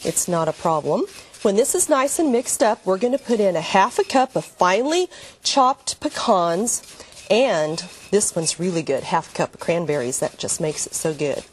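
A woman's voice: on the low side, expressive, normal speed, slightly rough. An older woman hosting a TV cooking demonstration, talking in a gushing, homey, cheerful way in a kitchen set. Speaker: cooking show host.

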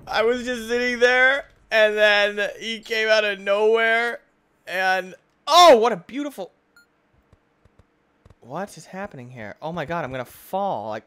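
A man giving excitable, goofy let's-play game commentary, often yelling and shrieking. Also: sits high, a little slow, smooth. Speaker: gaming YouTuber.

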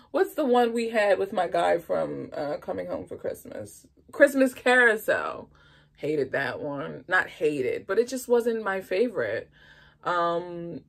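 Chatty woman reviewing a movie, gravelly. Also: on the low side. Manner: chatty and expressive, animated asides. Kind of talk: casual movie review vlog.

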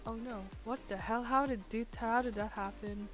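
A woman streaming a game, chatting to viewers in an excitable, chatty way and laughing often. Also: a little high, normal speed, faint music behind. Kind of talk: casual live-stream gaming chat.

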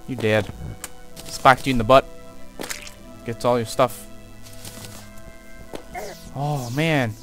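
A young man commenting on his own gameplay as he plays, muttering to himself and yelling taunts at enemies. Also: medium pitch, fairly even intonation, takes it slowly, long pauses. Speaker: let's play gamer. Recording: game music loud behind the voice.

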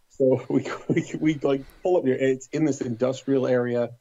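Gravelly-voiced man telling a wild story. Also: mid-range voice, unhurried, background noise. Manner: lively storyteller, acts out quotes. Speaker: podcast guest telling a story. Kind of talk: casual anecdote. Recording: dull lo-fi dry recording.

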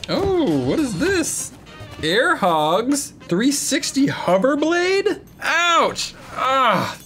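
A young man hosting a casual comedy vlog, reviewing products in a goofy, excitable, jokey way. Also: very high-pitched, very slow, soft background music. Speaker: host.

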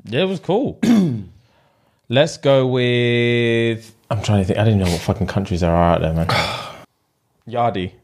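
A man's voice: medium pitch, a little slow, pauses often, darkish tone. A young man co-hosting a podcast, chatting casually with laughing, encouraging banter. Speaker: podcast co-host. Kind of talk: casual chat.

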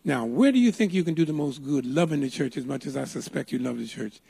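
A man's voice: medium pitch, expressive, fast, gravelly, dark tone, slightly rough. An older man preaching a sermon in a church, telling a folksy story with emphatic, playful delivery. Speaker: pastor. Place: church sanctuary.

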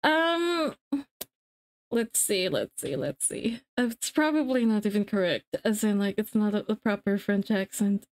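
A woman's voice: mid-range voice, lively intonation, measured pace. A woman live-streaming to her viewers in casual chat, rambling and giggling, restarting her sentences as she fiddles with settings.

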